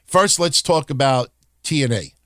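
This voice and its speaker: Smooth-voiced man hosting a podcast. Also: medium pitch, animated, moderate pace, fairly bright tone, no room sound, clean studio sound. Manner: explanatory, conversational. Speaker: podcast host. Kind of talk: casual history chat.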